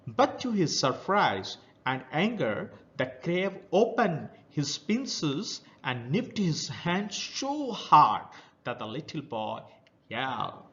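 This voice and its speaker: Slow, lively Indian English teacher. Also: male voice, fairly high pitch, highs cut off. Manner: reads a passage, then retells it in simple words. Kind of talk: reading a story aloud and explaining it.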